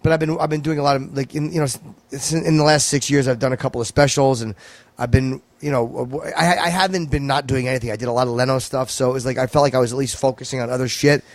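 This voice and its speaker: A man guesting on a podcast as a stand-up comedian, talking in a dry, measured, profane way. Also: mid-range voice, steady tone, no room sound. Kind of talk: casual podcast chat. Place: home podcast room.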